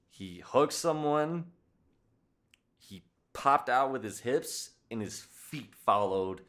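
A man hosting a podcast in casual chat, talking excitedly with lots of swearing and acting out quotes. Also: fairly low pitch. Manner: excited, profane, acts out quotes. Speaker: podcast host.

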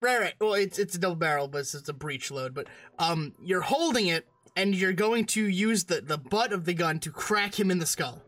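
A woman's voice: lowish voice, lively intonation, moderate pace, hardly any pauses, a bit bright, no echo. A woman narrating a tabletop game as game master, casual and crude.

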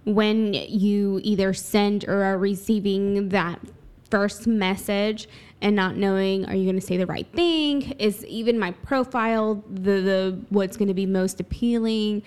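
A woman's voice: mid-range voice, steady tone, measured pace, darkish tone, clean tone. A woman co-hosting a casual podcast chat, talking things through with personal examples and some teasing. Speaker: podcast co-host.

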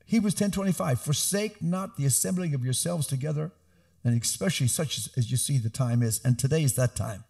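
A middle-aged male pastor preaching an animated sermon with emphatic calls to the congregation. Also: fairly high pitch, brisk, gravelly.

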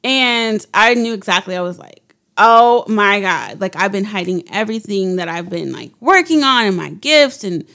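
Woman on a girls' night podcast, thinking out loud, lots of likes and you knows. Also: medium pitch, expressive, moderate pace. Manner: reflective, chatty, lots of "like" and "you know". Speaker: podcast co-host. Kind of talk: casual chat.

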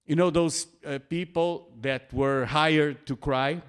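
A man preaching a sermon in a slow, earnest way, with an occasional soft laugh. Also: on the high side, steady tone, clear, resonant tone.

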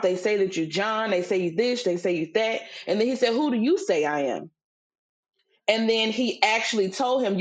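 A middle-aged woman co-hosting a faith podcast, telling a family story in a relaxed, chatty way and building into emphatic, preachy points. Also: medium pitch. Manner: conversational, acts out quoted voices, turns preachy and emphatic. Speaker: podcast co-host. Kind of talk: casual faith-based storytelling chat.

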